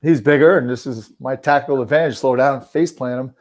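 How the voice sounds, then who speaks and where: A man talks quickly about his hockey days in a relaxed chat, his voice at a middle pitch. He is earnest and keeps restarting his sentences and saying "you know". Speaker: podcast guest, former hockey player. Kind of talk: casual conversation.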